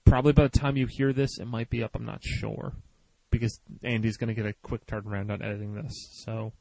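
A man's voice: on the low side, little pitch movement, fast talker, vocal fry, a little mellow, no echo, rough recording. Podcast co-host, male, rambling casual delivery, dry close sound. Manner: rambling, many restarts and fillers.

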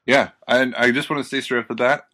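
A man's voice: medium pitch, fairly even intonation, brisk, pushed and bright. A man talking casually as a podcast guest, hesitant and full of fillers. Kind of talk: casual chat.

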